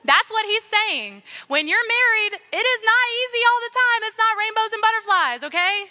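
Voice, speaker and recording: A young woman preaches to a group of women in an earnest, exhorting way and says her main points more than once. Her voice sits high and comes across bright and clear. She talks like a speaker in a church setting. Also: animated, normal speed. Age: young adult. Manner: earnest, exhortative, repeating key phrases. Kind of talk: sermon.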